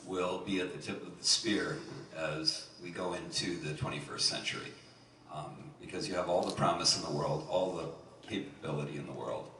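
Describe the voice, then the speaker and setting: A man guest at a home party giving brief, measured advice with thoughtful pauses. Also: deep voice, sharp tone. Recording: roomy, distant, faint noise.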